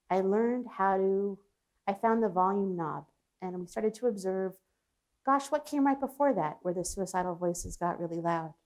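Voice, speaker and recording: A woman's voice: mid-range voice, darkish tone. A woman psychologist speaking as an interview guest, telling a personal story in an earnest, reflective way. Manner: earnest, reflective, with frequent restarts and laughs.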